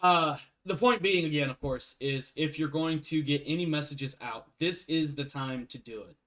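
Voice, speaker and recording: A man's voice: fairly high pitch, moderate pace, a bit bright. A man running a tabletop game as game master, rambling and often stopping to apologize. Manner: rambling, self-interrupting, apologetic.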